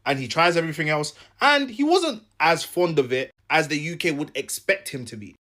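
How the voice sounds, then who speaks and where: A man telling a comic story in an animated, jokey way, acting out each side. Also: a little high, normal speed. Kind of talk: comedic storytelling.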